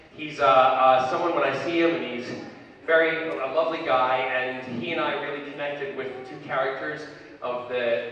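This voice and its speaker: A man on stage as a convention panel guest, telling an animated anecdote and acting out the others' voices. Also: mid-range voice, lo-fi sound. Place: large convention hall. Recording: echoey hall, distant mic, crowd.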